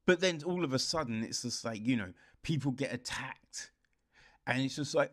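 A man's voice: mid-range voice, expressive, normal speed, fairly bright tone. A young man ranting casually about a TV show, exasperated, swearing and using lots of fillers. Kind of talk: casual rant review.

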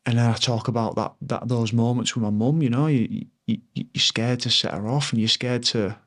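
A man in his thirties with an ordinary, middle-pitched voice, speaking as a guest on a conversational podcast. His delivery is reflective and earnest. He circles back and restarts his sentences while he searches for the right words. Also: steady tone, brisk. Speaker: podcast guest, former rugby player.

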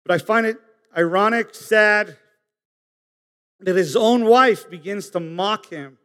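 Man preaching in an echoing hall. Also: fairly bright tone. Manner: earnest, pausing, rising to emphatic peaks and dropping low. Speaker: pastor. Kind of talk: sermon.

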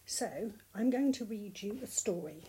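Gentle older woman reading softly. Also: mid-range voice, expressive, slight background noise. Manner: soft, gentle, slow. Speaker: grandmother. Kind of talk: reading a picture book aloud.

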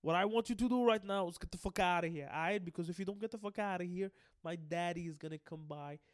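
A spoiled young bully sneers and barks orders, as a man acts him out. He swears freely and speaks in a raised, bratty pitch. The recording is dry and close. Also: fast talker, clean tone, no echo, lightly acted. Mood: sneering.

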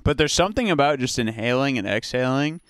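Animated young man bantering. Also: mid-range voice, a little fast, smooth, no room sound. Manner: rambling, joking, often laughing. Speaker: podcast co-host. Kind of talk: casual banter. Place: cabin.

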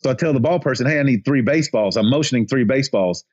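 A man's voice: medium pitch, quick pace, darkish tone. Man telling a rambling umpire story, lo-fi. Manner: rambling, restarts, acts out crowd chants and quotes. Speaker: baseball umpire. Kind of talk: casual podcast storytelling.

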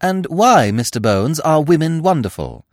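A man reading aloud voices a bright, teasing young woman who asks eager, quick questions. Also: a little high, very animated, no echo, clean studio sound, pitched above the performer's own voice.

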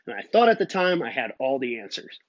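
A man's voice: medium pitch, big pitch swings, brisk, no echo, dull audio. A man hosting his own podcast, telling stories in an earnest, rambling way. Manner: earnest, rambling storytelling with fillers. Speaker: podcast host. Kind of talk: casual solo podcast monologue.

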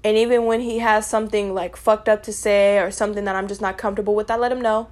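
A woman's voice: mid-range voice, steady tone, fast, few pauses. A young woman venting to her viewers in a blunt, profane, exasperated rant, calling out people directly. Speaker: vlogger. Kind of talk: angry personal rant to camera.

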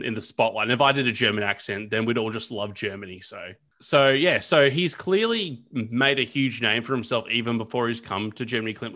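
A man's voice: lowish voice, bright, forceful tone. A man co-hosting a casual history podcast, chatting loosely with plenty of fillers and restarts. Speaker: podcast co-host.

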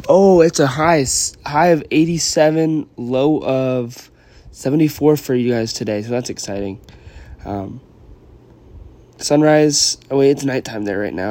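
A man's voice: medium pitch, measured pace, long pauses, a little mellow. A young man chatting casually and meandering on his podcast while fighting a cold and yawning, with lots of ums and apologies. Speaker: vlogger and podcaster. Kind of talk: casual rambling chat.

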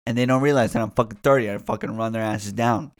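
A man's voice: fairly low pitch, steady tone, quick pace, no room sound, clean studio sound. A man in his twenties rambling casually and profanely on his own, with frequent restarts. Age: 20s. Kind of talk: casual solo rant.

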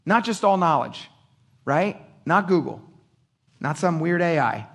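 A man's voice: a little high, animated, unhurried, a bit bright. A middle-aged male pastor giving a casual, conversational sermon, acting out quotes with lots of energy and laughing often.

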